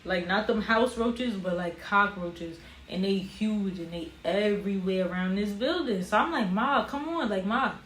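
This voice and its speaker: A woman's voice: medium pitch, moderate pace, few pauses. Young woman telling a story, echoey room. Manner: animated storyteller with casual slang, acting out others' voices. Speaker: vlogger. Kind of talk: storytime vlog. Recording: roomy echo with faint ambient noise.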